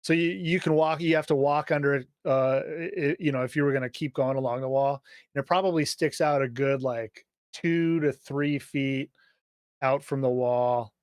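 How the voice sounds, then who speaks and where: A man's voice: medium pitch, steady tone, normal speed, darkish tone, clear, resonant tone, no room sound, clean studio sound. A man narrating a tabletop game as game master, hesitant and full of fillers and restarts.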